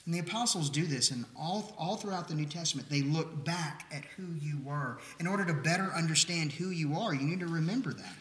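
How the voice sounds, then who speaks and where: A male pastor preaching with a bright, forceful tone and a voice pitched a little high for a man. He explains scripture conversationally and then drives home key lines with emphatic bursts. The sound carries the roomy echo of a sanctuary. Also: lively intonation, brisk, hardly any pauses. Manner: emphatic, rising to near-shouts on key lines. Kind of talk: sermon.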